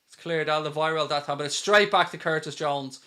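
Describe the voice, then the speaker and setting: A man hosting a live football watchalong, calling the play and reading out viewer super chats, getting excited at big moments. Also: a little high, quick pace. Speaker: watchalong host. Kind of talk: live match commentary and chat.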